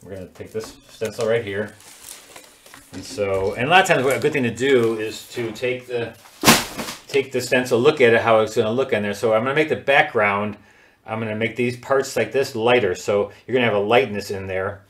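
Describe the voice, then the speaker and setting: A man's voice: fairly low pitch, brisk, a bit bright. Man, art teacher doing a live paint-along, chatty and giggly, roomy echo with faint noise. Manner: chatty, laughs often, talks while working. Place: home studio. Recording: echoey room.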